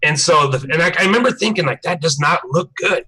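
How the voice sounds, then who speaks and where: A bright-voiced young man speaking a little higher than most men, chatting on a live stream. He tells his story in a loose, profane, animated way. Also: fast, slightly rough, poor audio. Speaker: livestream co-host. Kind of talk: casual live-stream chat.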